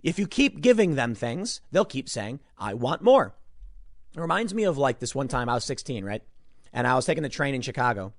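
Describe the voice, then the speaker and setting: A man's voice: mid-range voice, animated, brisk, a bit bright, dry recording. A young man giving an emphatic opinion monologue as a political commentator, ranting and often repeating words.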